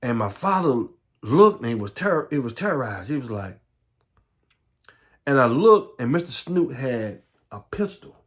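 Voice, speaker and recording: Halting middle-aged Southern man. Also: medium pitch, sing-song. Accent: Southern American. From Southern United States. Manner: halting, repeats words, frequent restarts. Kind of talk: personal life story monologue.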